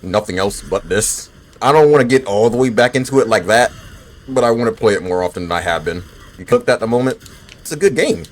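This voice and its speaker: A man in his twenties with a lowish voice gives laid-back, swear-heavy commentary while he plays a game. He chats loosely with his viewers between fights and is bothered by the hiccups. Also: expressive, brisk. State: has the hiccups. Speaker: gaming streamer. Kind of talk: casual gameplay commentary.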